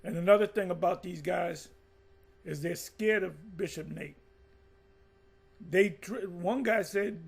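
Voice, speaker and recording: A man's voice: high-pitched, slow pace, gravelly, long pauses, husky. A man giving heated, profane, mocking commentary on a religious group, rambling with restarts.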